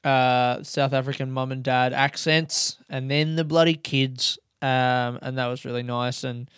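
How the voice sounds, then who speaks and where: A man's voice: mid-range voice, steady tone, unhurried, fairly bright tone, clean tone, no echo, clean studio sound. A young man, a comedian, telling rambling, laugh-filled stories on his podcast and swearing freely. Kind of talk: casual storytelling podcast.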